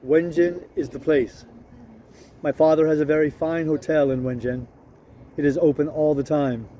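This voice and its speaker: A man's voice: fairly high pitch, fairly even intonation, normal speed, mellow, slight background noise, lightly acted. A man reading the part of a stiff, polite young border lieutenant in a storybook reading, clipped and correct. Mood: proud.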